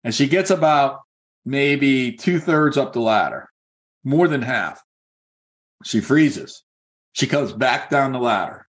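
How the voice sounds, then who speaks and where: An earnest man speaks as a real estate coach, mixing a personal story into a motivational talk. He talks in a loose, conversational way, full of casual fillers, and keeps urging his listeners on. His voice sits at an ordinary middle pitch for a man. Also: animated, slow, long pauses. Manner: conversational, many "like" and "you know" fillers; earnest and encouraging.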